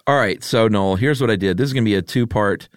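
Relaxed joking male podcast host. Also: on the low side, fast, clean tone, no room sound, clean studio sound. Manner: relaxed, joking, laughs often. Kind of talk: casual chat.

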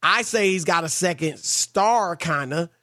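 Male sports-talk host, high-pitched, dry close mic, emphatic delivery. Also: measured pace, pushed and bright, no echo.

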